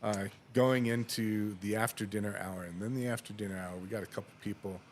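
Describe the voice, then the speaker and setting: A man's voice: fairly low pitch, fairly even intonation, brisk, a little mellow, slight background noise. A man on a podcast telling a long anecdote in casual chat, acting out dialogue and laughing often. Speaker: podcast host.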